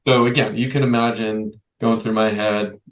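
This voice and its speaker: A man's voice: lowish voice, level tone, moderate pace, a little hiss or hum, rough recording. A man hosting a youth basketball coaching podcast, thinking aloud with many restarts and fillers. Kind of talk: conversational podcast interview.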